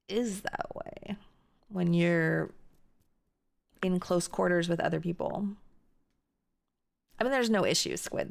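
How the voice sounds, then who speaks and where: An American woman chats loosely with her live-stream audience from home, rambling and laughing as she goes. Her voice sits in an ordinary middle range with a noticeable gravelly fry. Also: mid-range voice. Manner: chatty and rambling, quick laughs, frequent restarts. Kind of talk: casual live-stream chat, answering chat.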